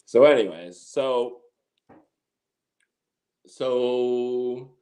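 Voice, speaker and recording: A middle-aged man who grows cannabis recounts a long personal story as an interview guest, very slowly and in a mellow, medium-pitched voice. It's casual and rambling, full of restarts and lines quoted from other people.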